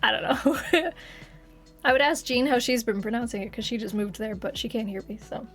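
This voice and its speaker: A woman's voice: a little high, moderate pace, soft background music. A young woman from Texas chatting casually with viewers on a live stream, giggling and laughing often.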